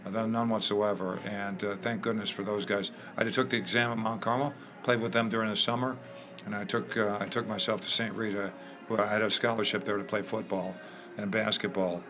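An older man from Chicago, a guest in an interview, telling lively anecdotes with many fillers. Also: on the low side, fairly quick, music in the background. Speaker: interview guest, former ballplayer. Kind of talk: storytelling in a conversation.

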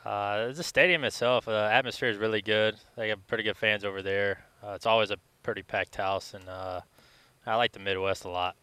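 A laid-back young man from Louisiana answers questions with plenty of uhs and ums. His voice is low, bright and clean, and it sounds close and dry, with no room around it. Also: steady tone, brisk, smooth, no room sound. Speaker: guest athlete. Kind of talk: casual interview answers.

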